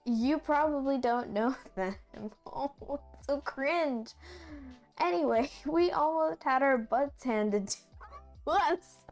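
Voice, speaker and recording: A woman's voice: high-pitched, takes it slowly, a little mellow. A woman streamer reading her own fanfic aloud on a livestream, giggly and self-conscious, full of jokey asides. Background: faint music.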